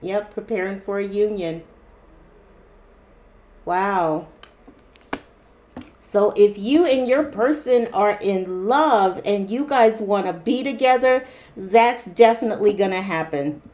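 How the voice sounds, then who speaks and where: A woman reads tarot cards aloud for her viewers in a loose, chatty way, speaking straight to them. She keeps repeating herself and breaking in with small exclamations and fillers. Her voice sits at a middle pitch. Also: takes it slowly, long pauses, a little mellow. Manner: chatty, repetitive, exclaiming "wow" and "interesting"; addresses viewers directly with fillers. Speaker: tarot reader. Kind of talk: casual tarot reading for viewers.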